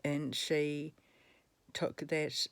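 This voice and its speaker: A woman's voice: deep voice, fairly even intonation, very slow, vocal fry, a little hiss or hum. A woman, speaking in an angry, emphatic personal monologue, swearing and repeating herself for emphasis, with a cough at times. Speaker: vlogger.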